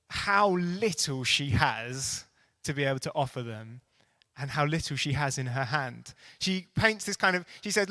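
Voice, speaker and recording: A man preaching a sermon in a bright, forceful voice that sits a little high. He retells the story earnestly, then builds to animated emphasis.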